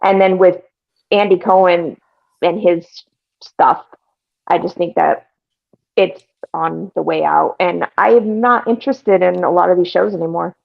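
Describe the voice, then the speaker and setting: A woman's voice: lowish voice, unhurried, vocal fry, highs cut off. A woman on a panel giving a hesitant but dismissive opinion in casual commentary.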